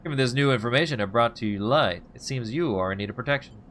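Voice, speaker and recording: A man's voice: medium pitch, fast, a bit bright, slight background noise, close to an everyday voice. A man voicing a jittery, scruffy male ex-bounty hunter, talking sarcastically and pleading, as he reads game dialogue aloud.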